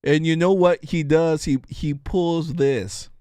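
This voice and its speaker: Male commentary host, crisp resonant tone, deliberate pace, provocative and jokey. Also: on the high side, steady tone, darkish tone, dry recording. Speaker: show host. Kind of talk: political commentary monologue.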